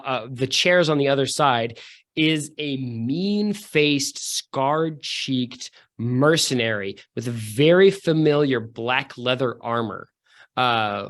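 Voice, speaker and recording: Male game master, middle pitch, rambling casual narration. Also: a bit bright. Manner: rambling, many fillers, self-mocking.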